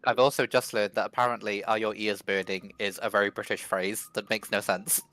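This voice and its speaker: A man chatting in a relaxed way on a casual group call, explaining things and stumbling into his sentences. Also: lowish voice, a little fast, no room sound. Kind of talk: casual chat.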